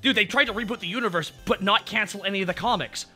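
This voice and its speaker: A man hosting a casual stream chat, talking excitably and swearing freely. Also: sits high, fast, slightly rough, faint music behind. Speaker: streamer host.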